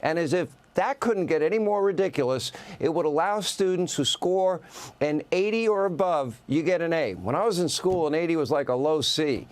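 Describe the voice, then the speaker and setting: A male news host with a fairly high voice, delivering a sarcastic opinion monologue. He talks in punchy lists and scoffing asides. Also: animated, moderate pace.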